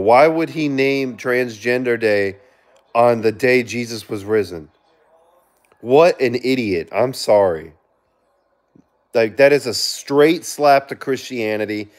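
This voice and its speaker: On a laid-back live stream, the mid-range-voiced male host reads comments from viewers out loud and hands out quick shout-outs. His tone stays earnest, though he bursts into excitement now and then.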